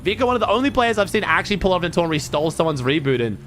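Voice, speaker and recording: An Australian man casting esports and chatting casually, quick and animated, swearing freely. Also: sits high, a little hiss or hum. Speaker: esports caster, host.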